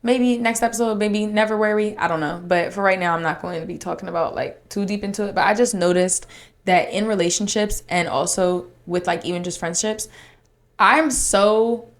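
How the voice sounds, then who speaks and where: A woman's voice: mid-range voice, moderate pace. A young woman hosting her own podcast, talking casually and candidly with lots of "like" fillers and a lilt. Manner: rambling, frequent "like" fillers, candid and emotional. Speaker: podcast host. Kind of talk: casual solo podcast chat.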